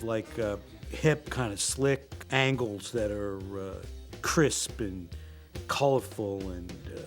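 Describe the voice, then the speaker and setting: Man searching for words in an interview. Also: medium pitch. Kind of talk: interview about a film.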